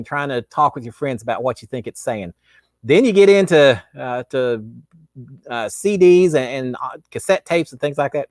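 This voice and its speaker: On the high side in pitch, this Texan host, a middle-aged man, chats casually live and answers viewers at rambling length, often restarting and using fillers. The recording is clean studio sound with no room sound.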